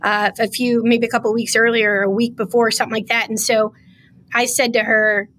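A woman's voice: on the high side, little pitch movement, a little fast, fairly bright tone, a little hiss or hum. Emotional woman recounting a confrontation. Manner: earnest, re-enacts dialogue, many fillers. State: emotional, near tears. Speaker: podcast guest. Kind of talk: emotional first-person storytelling.

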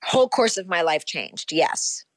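A woman's voice: lowish voice, animated, unhurried, dry recording. Reflective woman in her fifties, dry sound. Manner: reflective, rambling with many ums and you-knows. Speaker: actress guest. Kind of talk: casual interview.

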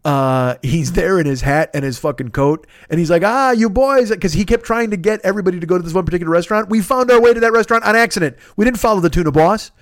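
A man hosting a podcast, telling a story in a casual, animated, profane way. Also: high-pitched, quick pace, hardly any pauses, dry recording, studio quality. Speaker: podcast host.

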